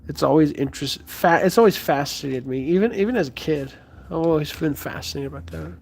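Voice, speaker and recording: A man's voice: on the high side, very animated, brisk, a little mellow. Chatty young American man streaming live. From United States. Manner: rambling, friendly, many fillers and restarts. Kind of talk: casual live-stream chat with viewers.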